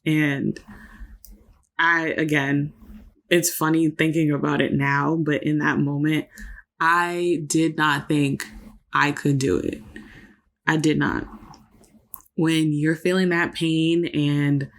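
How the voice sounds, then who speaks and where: A woman's voice: sits low, steady tone, slow, pauses often. A young woman co-hosting a podcast, speaking in an earnest, reflective way and laughing easily. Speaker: podcast co-host. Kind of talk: casual chat.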